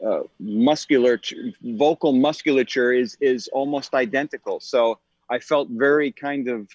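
A man's voice: mid-range voice, unhurried, a little mellow, husky, no echo. A man in his forties talking as an actor and podcast guest in a casual interview, thoughtful, with many ums and restarts. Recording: dull, slightly lo-fi sound.

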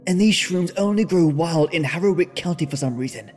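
A man voicing a carefree, playful young woman who talks in a high, insistent, girlish way. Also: brisk, a little mellow, faint music behind, close to an everyday voice.

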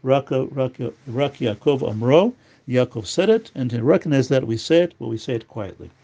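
A man's voice: mid-range voice, normal speed, dark tone. A man teaching a religious law lesson, reading each line of Hebrew aloud and then explaining it in English. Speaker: Torah teacher.

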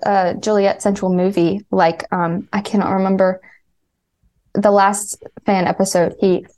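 A woman's voice: medium pitch, flat delivery, unhurried, darkish tone. A woman fan guest asking questions in an eager, giggly casual chat.

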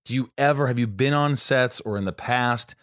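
A male actor and podcast co-host tells a story in casual conversation, acting out the voices of the people he quotes. His medium-pitched voice is smooth and fairly bright at a moderate pace, captured in a dry, clean studio recording.

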